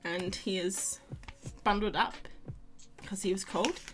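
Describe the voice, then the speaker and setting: A young woman chats away as she hosts a relaxed drawing stream, greeting viewers by name and wandering from thought to thought. Her voice sits at an ordinary middle pitch. Faint music plays quietly underneath. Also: slow. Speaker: livestream host. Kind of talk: casual chat while drawing.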